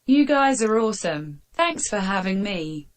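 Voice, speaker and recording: A text-to-speech woman's voice reading out donation messages in a flat, automated way. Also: mid-range voice, measured pace.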